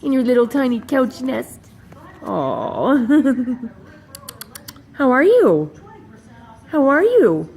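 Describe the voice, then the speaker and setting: A woman's voice: high-pitched, big pitch swings, very slow, pauses often, a little mellow. A woman chatting to her pet bird in a home video, cooing in baby talk with frequent giggles.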